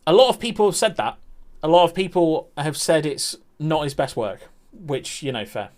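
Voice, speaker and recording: A man's voice: fairly high pitch, big pitch swings, normal speed, a little mellow. A young man chatting casually on a live stream, reacting to viewers and laughing often. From England.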